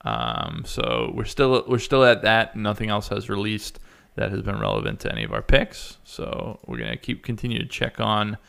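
Male podcast co-host, low gravelly voice, bright and clear, loose chatty delivery. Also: huge pitch swings, moderate pace, hardly any pauses. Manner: loose, chatty, many fillers. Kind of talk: casual gaming podcast chat.

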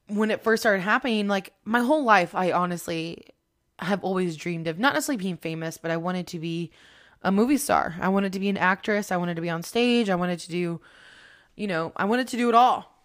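A woman's voice: medium pitch, fairly quick, a bit bright. A woman with a mid-range voice talks loosely and at length as the host of her own podcast, drifting from thought to thought. She swears freely and pokes fun at herself, sounding like an everyday spiritual reader chatting off the cuff. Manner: rambling, swears a lot, self-mocking. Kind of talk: casual monologue.

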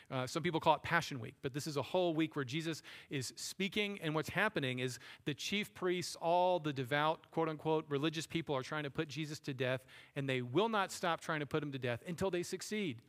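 A man's voice: on the high side, fairly bright tone. A man preaching a sermon as pastor, conversational, asking the congregation rhetorical questions. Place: church sanctuary. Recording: long hall reverb.

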